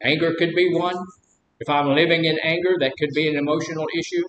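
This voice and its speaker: A man's voice: level tone, fast talker, fairly bright tone. A man leading a recovery group as counselor, talking casually, asking the group questions and telling personal stories with humor. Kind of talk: informal group talk on recovery. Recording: echoey room with faint rumble.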